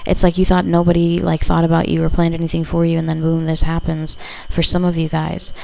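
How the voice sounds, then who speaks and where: Gravelly-voiced woman reading tarot cards. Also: low-pitched, completely flat delivery, fairly quick, warm tone. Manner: rambling and intuitive, heavy with filler words. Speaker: tarot reader. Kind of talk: casual pick-a-card tarot reading.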